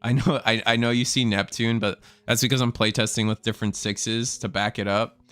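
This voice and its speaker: A man's voice: lowish voice, steady tone, a little fast, fairly bright tone, clear, resonant tone, dry recording, soft background music. A man chatting casually on a live stream, rambling through announcements and swearing freely, sounding tired and burnt out.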